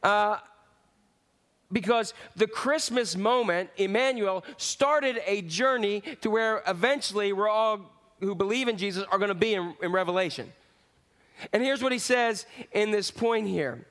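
High-voiced man preaching a lively sermon. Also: measured pace. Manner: lively preaching with swings from loud to hushed. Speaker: pastor.

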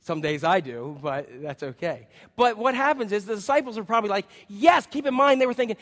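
High-voiced animated male preacher. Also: brisk, hardly any pauses, long reverb tail. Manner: animated, conversational, acts out quoted voices. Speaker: pastor. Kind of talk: sermon. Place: church sanctuary.

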